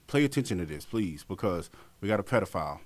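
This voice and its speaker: A young man co-hosting a podcast, talking casually and profanely, swinging from low mutters to high outbursts. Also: sing-song, quick pace, no room sound. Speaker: podcast co-host. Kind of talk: casual chat.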